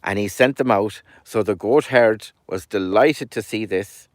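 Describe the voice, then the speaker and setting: A man with an Irish accent telling a folk tale as a storyteller, lively and animated, dropping his voice at times. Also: fairly low pitch, unhurried, no room sound, clean studio sound.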